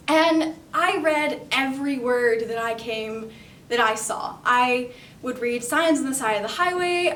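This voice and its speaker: A seventeen-year-old young woman from North Carolina tells a lightly humorous personal story in a brisk way. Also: high voice, a bit bright, echoey room, far from the mic, a little hiss or hum. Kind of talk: personal anecdote told to camera.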